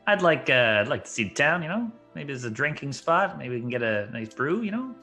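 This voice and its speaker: A man playing a tabletop game in character, laid-back and casual, with halting restarts. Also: mid-range voice, sing-song, pushed and bright, faint music behind. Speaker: player.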